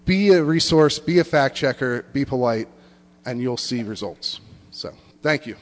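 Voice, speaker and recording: A man giving an earnest advice speech to an audience, halting and restarting his phrases. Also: mid-range voice, expressive, slight background noise. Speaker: conference speaker. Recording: long hall reverb.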